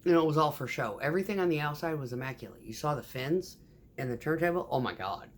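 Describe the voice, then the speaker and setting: A woman who drives a concrete truck, telling a profane, animated story about her job in a casual vlog. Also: low voice, quick pace.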